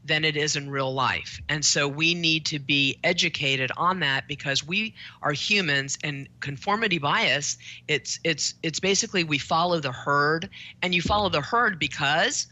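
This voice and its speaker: A woman's voice: low voice, normal speed, sharp tone. A woman psychotherapist, a guest on a talk show, explaining in an earnest way with frequent restarts.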